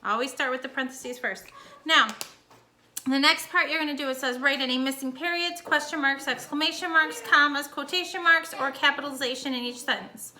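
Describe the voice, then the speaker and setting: A woman's voice: high-pitched, a little fast, pushed and bright, a little hiss or hum. A young woman teacher recording a casual home lesson for her students, explaining each step in a chatty way.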